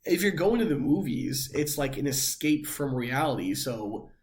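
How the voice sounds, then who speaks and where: A young man co-hosting a pop culture podcast in casual chat. His pitch sits mid-range for a man. He talks loosely, circling back with plenty of filler words. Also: sing-song, moderate pace, a little mellow. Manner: rambling, many "like" fillers. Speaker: podcast co-host.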